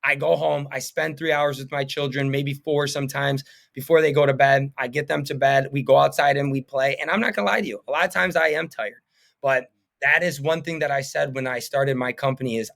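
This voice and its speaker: A man's voice: medium pitch, fairly even intonation, brisk, vocal fry, a bit bright. A man in his thirties, a painting business owner, talking as a podcast guest in an earnest, rambling way full of fillers. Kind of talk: casual interview chat.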